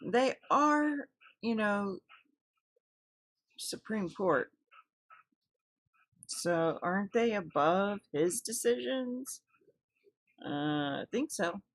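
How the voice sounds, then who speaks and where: Woman, commentator, slow, relaxed, chatty, faith asides. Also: mid-range voice, poor audio. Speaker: video commentator. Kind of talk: casual commentary over footage.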